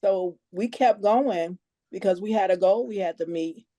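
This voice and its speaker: A woman speaks earnestly on a team call, plain-spoken and a little nervous. Her voice is mellow and mid-pitched. The sound is dry and close. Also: normal speed, no room sound. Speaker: guest team member sharing her story. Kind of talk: casual testimonial on a conference call.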